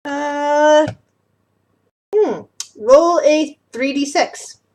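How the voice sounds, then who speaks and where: A woman narrating as game master of a tabletop game, casual and halting. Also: high-pitched, darkish tone, slight background noise. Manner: casual, hesitant narration with fillers.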